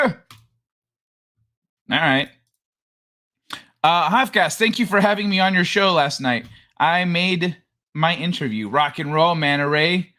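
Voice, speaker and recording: Male livestream host, high and animated, jokey and rambling with viewers. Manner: rambling, jokey, greets chatters by name. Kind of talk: casual livestream chat.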